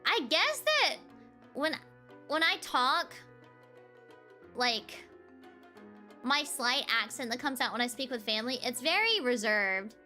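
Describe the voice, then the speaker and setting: Young woman from the American South, high bright voice, giggly rambling streamer chat over faint music. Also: big pitch swings, takes it slowly, pauses often. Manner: giggly, rambling with many fillers and restarts. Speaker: VTuber streamer. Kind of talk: casual chat answering viewers.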